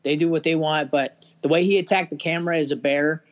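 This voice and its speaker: Male co-host, higher voice, halting casual chat, slightly muffled line. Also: steady tone. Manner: rambling, halting, many fillers. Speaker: podcast co-host. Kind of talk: casual podcast discussion.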